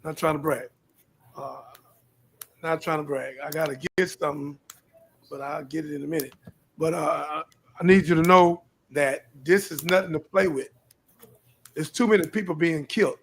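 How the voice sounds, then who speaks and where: An older man with a high, gravelly voice talks on his live show in a preachy, repetitive way. His lines often climb into pleading questions. He comes from Houston, Texas. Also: moderate pace, long pauses, fairly bright tone. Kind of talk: preachy live-stream talk.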